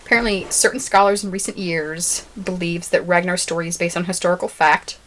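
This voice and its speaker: A woman's voice: lowish voice, fairly even intonation, fairly quick, a bit bright. A woman co-hosting a podcast in casual chat, laughing often and sharing facts she has looked up. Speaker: podcast co-host.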